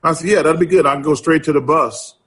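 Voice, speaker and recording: A man's voice: a little high, fast, husky. A middle-aged man, telling a story as a podcast guest and acting out the quotes. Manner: animated storyteller, acts out quotes. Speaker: interview guest. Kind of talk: casual storytelling.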